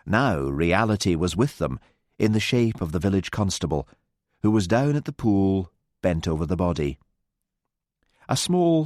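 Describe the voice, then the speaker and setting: A low-voiced man reads a mystery audiobook from a script, measured and expressive as he tells the tale. The sound is dry and studio-clean.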